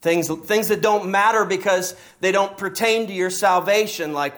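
Delivering his sermon in a high, slightly bright voice at a moderate pace, the middle-aged pastor rarely pauses. He weaves in stories and pushes his points hard, building through rising passages.

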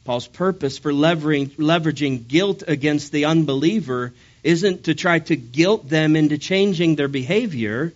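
A man's voice: on the high side, moderate pace. A man preaching a sermon, his voice strained from sickness, telling a story with wry humor. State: strained voice from illness. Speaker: pastor. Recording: dull lo-fi sound.

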